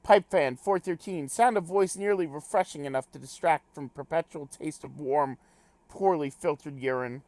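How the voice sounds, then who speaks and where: A man's voice: a little high, normal speed, a little mellow, no room sound, lightly acted. A man reading a terse, formal male adventurer who speaks in a clipped, log-like way with pompous words. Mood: stiff.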